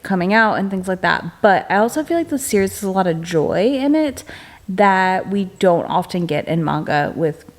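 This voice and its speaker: Young woman book vlogger, casual chatty delivery, upbeat, lots of "um" and "like". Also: medium pitch. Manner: chatty and upbeat, with many fillers and restarts; hushed late-night whisper. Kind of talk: casual reading vlog chat.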